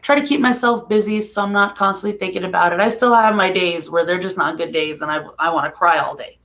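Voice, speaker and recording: A woman talking casually on a home live stream about a painful loss, emotional and soft-spoken, laughing through sadness at times. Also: on the low side, fairly even intonation, fast. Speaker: vlogger.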